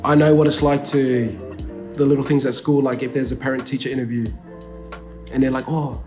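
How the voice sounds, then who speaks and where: A man's voice: mid-range voice, little pitch movement, a little fast, over music. An Australian man talking as a rapper guest in a casual interview, laid-back and slangy, swearing freely and leaning on lots of fillers. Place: indoor studio.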